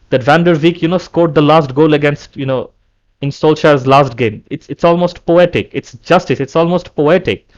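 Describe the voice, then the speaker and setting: A man in a heated fan rant, with a slightly high voice. He talks in a fed-up way, repeats himself and often restarts his sentences. It is a casual solo vlog. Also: dull audio. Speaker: football fan vlogger. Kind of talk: angry fan rant to camera.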